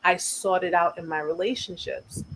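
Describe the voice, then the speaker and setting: A woman's voice: lowish voice, steady tone, moderate pace, gravelly, a little hiss or hum, low-quality recording. A woman with an American accent hosting a casual livestream, speaking earnestly and repeating her points for emphasis. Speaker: host of a survivor support livestream.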